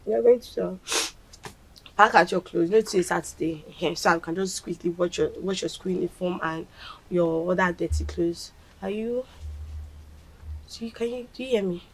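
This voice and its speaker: A woman's voice: lowish voice, normal speed, slight background noise, close to an everyday voice. An actress with a Nigerian accent playing a mother anxiously checking on her daughter, repeating herself insistently.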